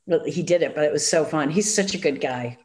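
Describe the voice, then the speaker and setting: A woman's voice: low-pitched, brisk. Nasal Chicago-accented woman. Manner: animated storyteller, acts out quoted voices. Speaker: guest. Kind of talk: casual chat.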